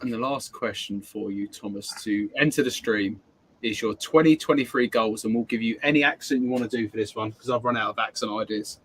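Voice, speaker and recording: A man's voice: on the low side, fairly quick, fairly bright tone, a little hiss or hum. A man hosting a casual live-stream interview, putting questions to a guest in a playful, quiz-like way.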